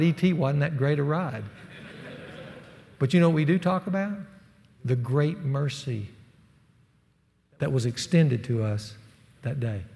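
Middle-aged guy preaching, gravelly kinda high voice, tells a story all folksy, big reverby hall. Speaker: speaker at a men's ministry session. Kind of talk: sermon with personal storytelling. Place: large hall with a live audience. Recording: long reverb of a large hall.

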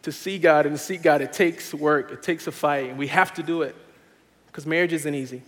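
A young male pastor preaching in a sanctuary with a long reverb tail. His voice sits a little high for a man. He swings from hushed, earnest urging to loud, laughing storytelling. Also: steady tone, fairly quick. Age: young adult. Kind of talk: sermon.

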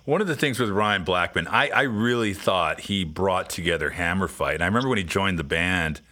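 A man's voice: sits low, brisk, pushed and bright. A man hosting a casual podcast chat, telling long rambling stories and acting out what people said. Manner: rambling storyteller, acts out quotes. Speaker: podcast host.

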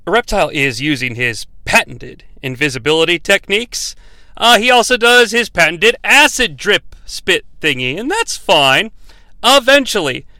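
A man's voice: high voice, sharp tone, clean tone, no echo. A young adult man hosting a sarcastic, profane comedic movie recap. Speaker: movie reviewer, host.

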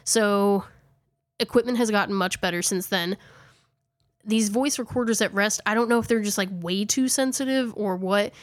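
A woman's voice: mid-range voice, moderate pace, dry recording, clean studio sound. A woman host chatting casually, recapping a video with lots of fillers and self-corrections, a little out of breath. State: slightly out of breath. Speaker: podcast host. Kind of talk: casual chat recapping a ghost-hunting video.

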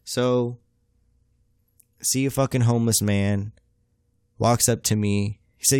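Brief: young male podcast host, casual and profane, mid-pitched voice, dry unechoed audio. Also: steady tone, takes it slowly, long pauses, a little mellow, clear, resonant tone, no echo. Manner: profane, slangy, laid-back, says "bruh" often. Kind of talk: comedic storytelling monologue.

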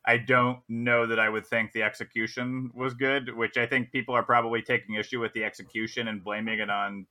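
A man's voice: mid-range voice, flat delivery, a little fast, bright, forceful tone. A man co-hosting a casual podcast chat, easygoing and agreeable, hedging his points. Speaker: podcast co-host.

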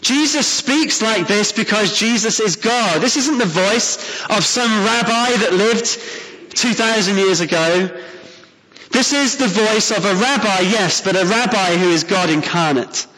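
A man's voice: high-pitched, measured pace, sharp tone. A man preaching a sermon, earnest and emphatic, asking rhetorical questions as he reads and explains scripture. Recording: long hall reverb.

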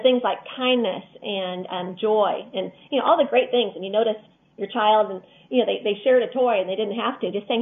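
A mother as a guest, speaking earnestly and slowly with many fillers. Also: mid-range voice. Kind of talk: casual interview talk. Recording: tinny phone line.

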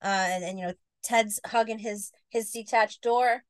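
A woman with a fairly high voice, recorded close and dry with no room sound. She co-hosts a podcast and tells a goofy story in animated casual chat. She fills it with um and you know, and jumps into character voices. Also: normal speed, no room sound. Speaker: podcast co-host.

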